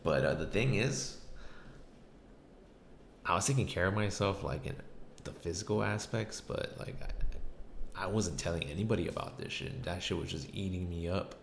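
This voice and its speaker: A man's voice: deep voice, normal speed, creaky, pauses often, slight background noise. A man hosting a podcast, telling a personal story in a hesitant, reflective way. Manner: hesitant and reflective, many restarts. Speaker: podcast host. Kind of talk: casual storytelling chat. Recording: echoey room.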